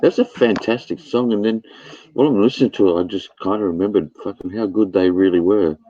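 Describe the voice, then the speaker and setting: A man's voice: on the low side, fast, dark tone, lo-fi sound, slight background noise. A man hosting a livestream, chatting casually, swearing and laughing often. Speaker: livestream host. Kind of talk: casual chat.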